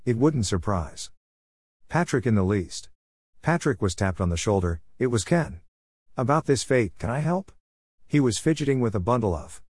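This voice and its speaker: A man narrating a comic story in an even, wry manner. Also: lowish voice, no echo, clean studio sound. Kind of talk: storytelling reading.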